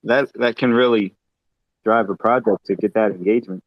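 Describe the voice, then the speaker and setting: A man's voice: fairly low pitch, fairly even intonation, normal speed, no echo. Man on a voice call, dry and muffled sound, thoughtful rambling talker. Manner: rambling, thoughtful, many fillers and restarts. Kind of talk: casual voice chat. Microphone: online voice call.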